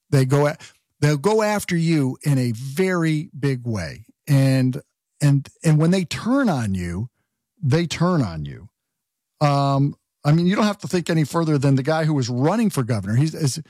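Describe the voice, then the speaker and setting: A man's voice: fairly high pitch, a little mellow, no room sound, studio quality. A man hosting a talk radio show, delivering a political monologue with rhetorical questions and frequent restarts.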